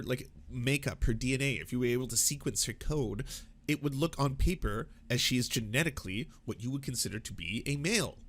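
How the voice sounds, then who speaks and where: A man in casual reaction commentary, swearing freely and mocking what he watches. His voice sits at an ordinary pitch and moves between sarcasm and rant. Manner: profane, animated, mocking asides. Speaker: political commentary host.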